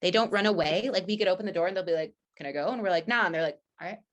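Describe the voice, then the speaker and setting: A woman's voice: fairly low pitch, racing. A woman guest on a casual podcast, a chatty storyteller who fills her talk with "like" and acts out quoted lines.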